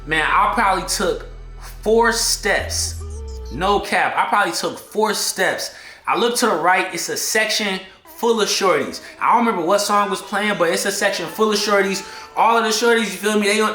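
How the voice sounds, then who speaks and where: A man vlogging an excitable storytime in heavy slang, acting out what people said. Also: high voice, moderate pace. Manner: slangy, excitable, acts out quotes. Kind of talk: animated storytime. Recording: echoey room, faint music behind.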